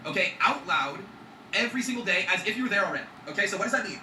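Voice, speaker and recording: A man's voice: sits high, animated, rapid-fire, bright, forceful tone, reverberant, far from the mic, a little hiss or hum, poor audio. A man talking in an emphatic motivational vlog, swearing freely and checking in with his viewers. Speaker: vlogger.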